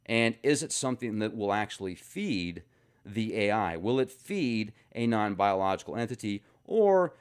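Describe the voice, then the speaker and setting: A man's voice: fairly low pitch, very animated, normal speed, clean tone. A man hosting a casual commentary video, joking and rambling between topics. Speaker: video host.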